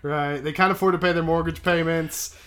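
A man's voice: a little high, steady tone, brisk, fairly bright tone. A man co-hosting a podcast, recapping a movie in casual, profane chat and tagging lines with "right?". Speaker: podcast co-host. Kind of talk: casual film-review chat.

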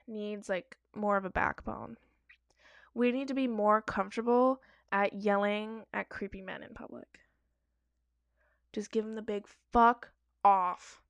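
A woman's voice: medium pitch, fairly bright tone, dry recording. A woman giving casual, blunt reaction commentary on advice-forum stories, emphatic and profane.

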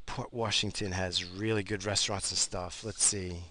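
A man's voice: sits low, level tone, normal speed, pushed and bright. A middle-aged man rambling and grumbling profanely in a casual radio monologue while driving. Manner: profane, grumbling, easily aggravated. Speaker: radio show host.

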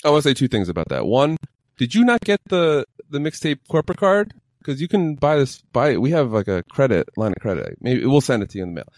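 A man's voice: medium pitch, big pitch swings, fast talker, no echo, clean studio sound. A man co-hosting a podcast, chatting about a film in a playful, rambling way. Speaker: podcast co-host. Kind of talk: casual film chat. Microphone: desk microphone.

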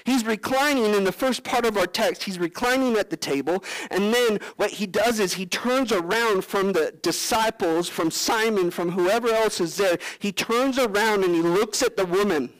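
A male pastor delivers a sermon with earnest conviction. He slips into the voices of the people he quotes, praying aloud and acting out their words. His voice sits fairly high for a man. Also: normal speed, few pauses, poor audio. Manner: earnest preaching, acting out quoted prayers and Bible figures.

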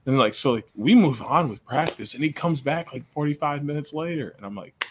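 A man's voice: fairly high pitch, a little fast, slight background noise. Laughing young man telling a story. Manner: animated, laughing, full of "like" and "you know". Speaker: podcast co-host; coach. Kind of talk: casual storytelling chat.

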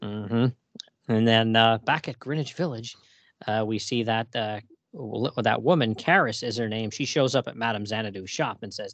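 A man casually recapping a comic story on a podcast. He laughs often and reads the characters' lines in quick put-on voices. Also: fairly low pitch, a bit bright, dry recording. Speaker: podcast co-host.

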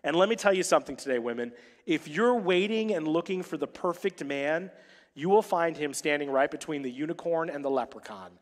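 A married man preaching a sermon as pastor to his church, with humorous asides and dramatic pauses. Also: on the high side, lively intonation. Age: adult, married. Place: large church hall. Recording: long reverb of a church hall.

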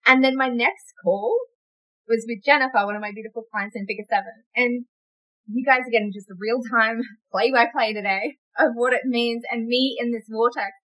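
A woman's voice: fairly high pitch, fairly even intonation, moderate pace, a bit bright, low-quality recording. A woman hosting a solo coaching podcast, talking in an effusive, repetitive way and laughing often as she acts out quoted conversations. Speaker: business coach podcast host. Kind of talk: excited solo podcast monologue.

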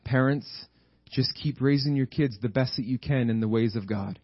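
A man's voice: medium pitch, moderate pace, no echo, highs cut off. A man preaching a sermon with fervent, repetitive emphasis, often calling out to the congregation for an "Amen.".

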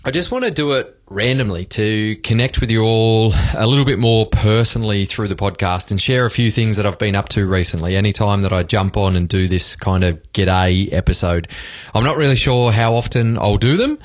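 Chatty Australian man with a low voice. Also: normal speed. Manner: chatty and relaxed, with loose restarts. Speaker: podcast host. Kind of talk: casual solo podcast chat.

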